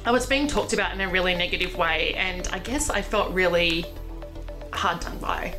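A woman's voice: lowish voice, normal speed, over music, low-quality recording. Chatty woman hosting with fillers. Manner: warm, effusive, many fillers and restarts. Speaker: podcast host. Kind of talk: casual interview chat.

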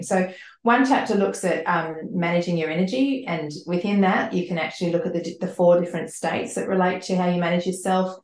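Earnest coaching woman in a roomy space. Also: lowish voice. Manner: earnest, flowing, repeats words while thinking. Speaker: leadership coach and author, guest. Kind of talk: podcast interview answers. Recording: roomy echo.

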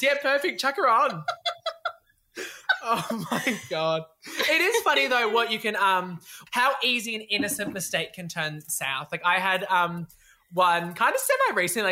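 A woman's voice: medium pitch, pushed and bright. A young woman telling a story in casual chat, acting out voices and laughing often. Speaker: podcast co-host.

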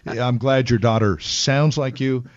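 A man's voice: mid-range voice, fairly even intonation, a little slow. A man hosting a Christian radio talk show, chatty and folksy, who laughs easily. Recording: lo-fi radio broadcast.

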